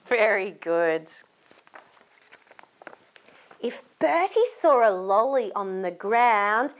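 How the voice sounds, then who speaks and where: A woman with an Australian accent, a children's entertainer reading a picture book aloud, animated and asking young listeners to join in. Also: on the high side, slow pace, long pauses. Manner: animated, asks young listeners questions and invites them to join in.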